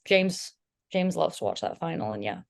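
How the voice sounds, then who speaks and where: Young woman, podcast guest, lowish voice, teasing, animated storytelling. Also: moderate pace, creaky. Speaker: podcast guest and pro player. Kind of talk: casual podcast chat.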